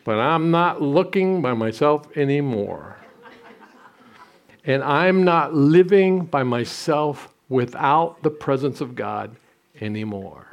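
A man's voice: on the high side, expressive, takes it slowly, gravelly. A man in his sixties preaching a sermon, telling stories with self-deprecating humor and some restarts. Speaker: pastor.

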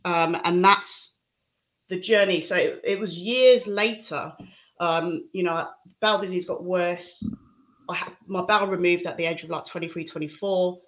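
A woman speaking candidly and reflectively as an interview guest, giving a personal testimony with soft laughs. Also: fairly low pitch, steady tone, moderate pace.

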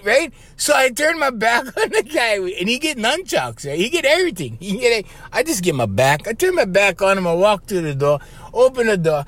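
A man's voice: high-pitched, normal speed. A man with a Hawaiian Pidgin-tinged accent, hosting a podcast and telling stories in a loose, chatty way, often tossing in "bro" and "right?" and chuckling. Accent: Hawaiian Pidgin-tinged English. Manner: animated, chatty, keeps saying "bro" and "right?", laughs between lines. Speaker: podcast host. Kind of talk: casual storytelling monologue.

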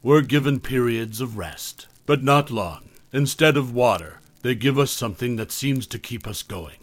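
A man tells a first-person horror tale in a measured, scripted delivery. His voice sits at an ordinary middle pitch and often sinks quieter at the ends of phrases. The recording is dry and close, with no room sound. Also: expressive, no room sound. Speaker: narrator.

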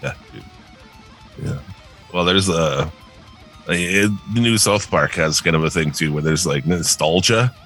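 A man with a deep, bright voice co-hosts a podcast, talking loosely and sarcastically with plenty of swearing. Faint music sits in the background. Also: a little slow, pauses often. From northern United States. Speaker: podcast co-host. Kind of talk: casual profane podcast chat.

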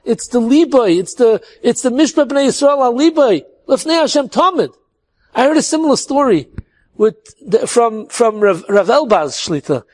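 A man's voice: very high voice, lively intonation, normal speed. A man telling an earnest inspirational story, sprinkling in Hebrew and Yiddish words.

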